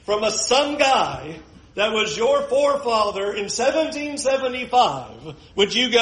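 A male pastor preaching a conversational sermon, moving between hushed asides and emphatic points. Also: very high-pitched, big pitch swings, a little slow, rough recording.

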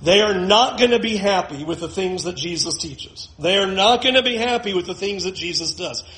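Male pastor, higher register, emphatic preaching, roomy echo on the recording. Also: lively intonation, moderate pace, fairly bright tone. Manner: emphatic, building lists with rising force. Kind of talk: sermon.

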